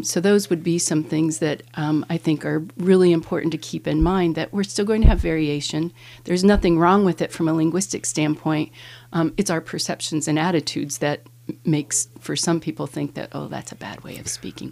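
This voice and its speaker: A woman from Ohio with a lowish, gravelly voice answers interview questions as an English professor. She explains things carefully and pauses often with "um." Her delivery is measured and thoughtful. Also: a little mellow.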